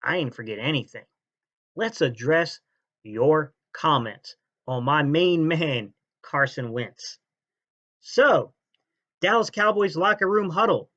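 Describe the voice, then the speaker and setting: Guy trash talking rival fans on his sports channel, kinda high voice, muffled lo-fi audio. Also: expressive, a little slow. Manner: mocking, trash-talking, swings between loud jabs and low sneers. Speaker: sports fan channel host. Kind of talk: fan reaction rant.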